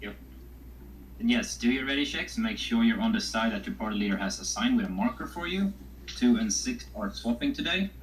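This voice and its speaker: A man's voice: mid-range voice, animated, a little fast, a little hiss or hum, low-quality recording. A man leading an online game raid over voice chat, giving directions and calling out group assignments. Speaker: raid leader. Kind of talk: casual voice chat while gaming.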